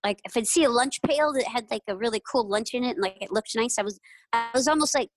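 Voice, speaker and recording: A middle-aged woman, a guest on an interview show, telling lively stories and often acting out quoted voices with laughter. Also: on the high side, fast talker, over music, rough recording. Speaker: guest, retired jockey. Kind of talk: casual interview storytelling.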